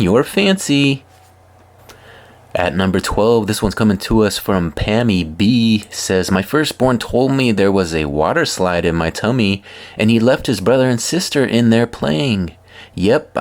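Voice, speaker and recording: A man hosting a comedy video, reading funny posts aloud with wry, deadpan asides. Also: deep voice. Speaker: host reading viewer posts.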